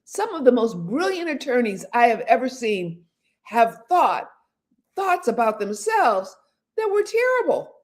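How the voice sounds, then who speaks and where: Her voice on the high side and her pace measured, an older female host gives a casual pep talk, laughing frequently as she lively acts out the ways people talk to themselves.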